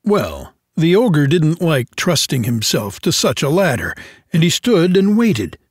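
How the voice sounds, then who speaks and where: A man reads a fairy tale aloud slowly, in an expressive, unhurried storytelling manner. His voice is husky and fairly high, with a lot of swing in the pitch, and the recording is dry and close. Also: no echo. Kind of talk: storybook reading.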